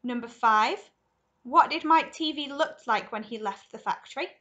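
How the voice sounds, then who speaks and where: A woman primary school teacher reading a story aloud to children in a lively, expressive way. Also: a little high, moderate pace, muffled recording.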